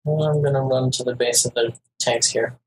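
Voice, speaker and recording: A man's voice: medium pitch, steady tone, moderate pace, a little hiss or hum, rough recording. A man playing a tabletop role-playing game, asking the game master casual questions. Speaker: player.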